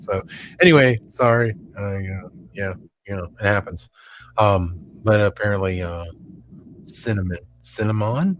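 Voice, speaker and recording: A man with a Texan accent co-hosting a live show in casual chat, rambling and halting with many restarts. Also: on the low side, slight background noise.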